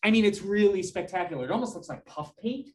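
With a crowd audible in the background, a man lectures on fashion history from slides at a quick pace, his voice high and animated. Full of enthusiasm, he keeps saying "notice" and "right?" to engage listeners and answers student questions conversationally.

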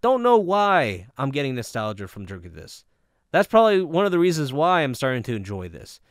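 A man's voice: medium pitch, wildly swooping pitch, brisk, dry recording, clean studio sound. A man casually reviewing a product, rambling with many fillers and restarts.

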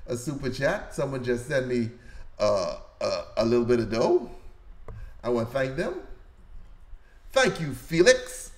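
Bahamian-raised guy on a livestream, middle-pitched voice, goofing around with the chat, slangy and laughing a lot. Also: unhurried, pauses often. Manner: loose, joking, laughs often, slangy and animated. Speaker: livestream host. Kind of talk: casual livestream chat reading viewer comments.

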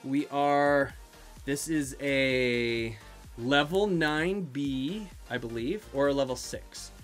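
A woman hosting her own channel, opening fan mail and artwork from viewers, bubbly and quick to exclaim, her voice leaping up in pitch when she is surprised. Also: faint music behind. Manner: bubbly, exclaims often, jumps high in pitch. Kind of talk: excited casual vlog.

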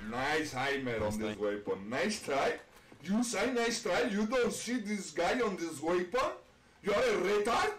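Man yelling taunts in broken English. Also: high-pitched, big pitch swings, unhurried, roomy sound, slight background noise. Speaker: online game troll. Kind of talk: in-game voice chat.

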